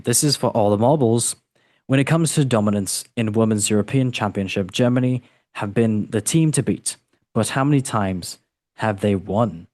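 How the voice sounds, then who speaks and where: With a lowish, darkish voice at a moderate pace and no echo, a man hosts a casual online football show and quiz. He's playful and self-deprecating, with big swings in his delivery.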